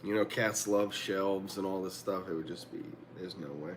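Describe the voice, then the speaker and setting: A man's voice: deep voice, steady tone, moderate pace. Male streamer, casual rambling home chat, swears, laughs a lot, faint background hum. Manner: rambling, profane, laughs often. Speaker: livestream host. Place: home room.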